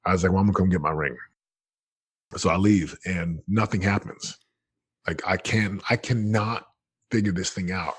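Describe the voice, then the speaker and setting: A man in his thirties telling his story as a podcast guest, earnest and animated, often acting out what he said. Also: deep voice, moderate pace, long pauses, slightly rough. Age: 30s. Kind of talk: candid storytelling.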